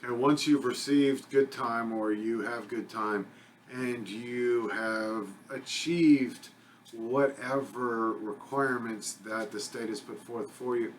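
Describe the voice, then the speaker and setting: A man's voice: medium pitch, slow, a little hiss or hum. A man, a criminal justice instructor, giving a conversational recorded lecture with frequent fillers and self-corrections.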